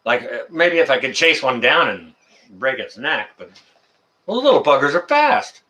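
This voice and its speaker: A man hosting a live stream, chatting casually with viewers in a rambling, excitable, jokey way. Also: medium pitch, moderate pace. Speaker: livestream host answering chat.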